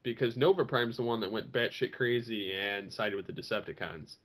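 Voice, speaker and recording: A man's voice: fairly low pitch, fairly quick. A man chatting casually on a fan podcast in an easygoing, joking way. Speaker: podcast co-host.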